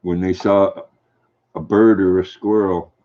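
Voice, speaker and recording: An older man hosting a livestream, reading viewer comments aloud and answering them in a gentle, folksy way. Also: low voice, little pitch movement, a little slow. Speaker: livestream host reading chat. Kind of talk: casual chat. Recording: dull lo-fi stream audio.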